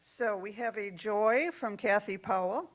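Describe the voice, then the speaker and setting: A woman leading a church worship service, speaking gently and reading out joys and sorrows from the congregation. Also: mid-range voice, measured pace.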